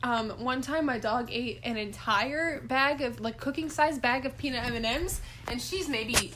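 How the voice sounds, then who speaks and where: A young woman co-hosting a podcast, animated and teasing, laughing often. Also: on the high side, a little slow, a little hiss or hum. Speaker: podcast co-host. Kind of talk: casual chat.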